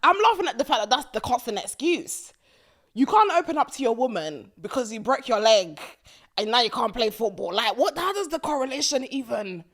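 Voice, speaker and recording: A woman, hosting a casual talk about a reality TV show, animated and mocking as she acts out the people she talks about. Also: on the high side, brisk. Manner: animated, mocking, quotes people in put-on voices. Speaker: host.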